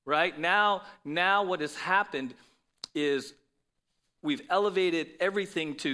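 A man's voice: high-pitched, slow, bright, forceful tone. A man preaching a sermon to his congregation, in a conversational style with frequent "right?" asides. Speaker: pastor.

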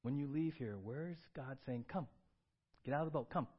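Guy preaching a sermon, gets loud and excited then drops quiet and earnest, kinda muffled lo-fi sound. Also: mid-range voice, normal speed, breathy edge. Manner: animated, swings from loud excited bursts to quiet earnest tones; reads scripture aloud. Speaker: pastor.

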